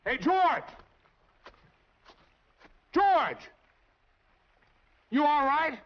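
Concerned, neighbourly man; high, animated, gravelly voice on a dull old film track. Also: fairly quick. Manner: lively, neighbourly, worried. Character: friendly, concerned man searching for his friend.

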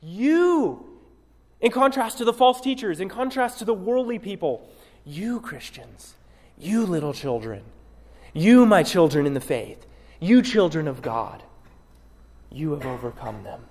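A man preaching an expository sermon as pastor, emphatic and repeating key words with dramatic pauses. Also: sits high, big pitch swings, a little mellow, in a large hall.

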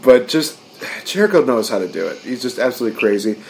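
A man's voice: mid-range voice, big pitch swings, fast, creaky, a little hiss or hum. A man co-hosting a podcast, chatting casually through a wrestling recap and acting out quotes in raised voices. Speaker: podcast co-host.

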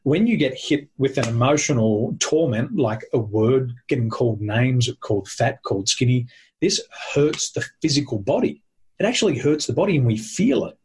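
A man's voice: mid-range voice, darkish tone, a little hiss or hum. A man talking with a host, explaining points in a teacherly, emphatic way and listing them one by one. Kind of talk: conversational explaining.

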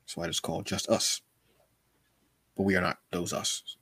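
A husky, somewhat low male voice with a casual, animated podcast-host delivery. He is from the United States and talks in a lively back-and-forth, recorded close and dry with no room sound. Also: moderate pace, no room sound. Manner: animated, says "brother" often, acts out quotes.

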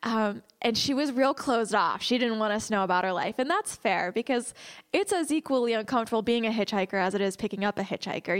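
A woman leading a church class, telling a lively story with frequent laughs and then praying aloud. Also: on the high side, a little fast. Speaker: class leader. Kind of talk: church class talk and prayer.

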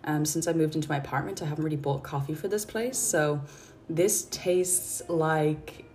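A woman hosting her podcast, talking in a calm, chatty, rambling way into her phone at home. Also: low voice, normal speed, slight background noise. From Ireland. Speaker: podcast host and mindset coach. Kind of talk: casual spoken podcast chat. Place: her apartment.

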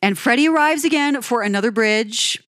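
A woman giving an admiring, unhurried commentary on a pop ballad. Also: fairly high pitch, expressive, fairly bright tone, no echo, clean studio sound. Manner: admiring, lingers on phrases, sings lyric snippets. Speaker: music reviewer. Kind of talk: song-by-song music commentary.

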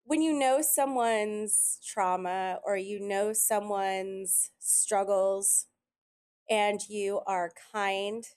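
A woman chatting casually on a podcast, telling animated stories and quoting people often. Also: medium pitch, very slow, smooth. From Italian heritage. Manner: animated storyteller, quotes others often. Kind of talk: casual chat.

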